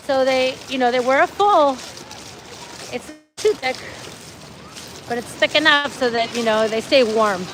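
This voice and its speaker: Chatty woman livestreaming a beach walk. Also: high-pitched. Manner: chatty, upbeat, addresses viewers directly. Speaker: livestream host. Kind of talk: live beach walk vlog. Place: outdoors on a beach. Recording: outdoor phone audio with loud surf noise. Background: surf and wind noise.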